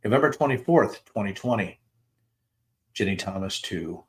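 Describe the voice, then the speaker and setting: Middle-aged male host, lowish register, reads messages aloud: flat dates, then quotes leaned on for emphasis. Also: moderate pace. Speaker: podcast host reading text messages aloud. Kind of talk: dramatic reading of texts with asides.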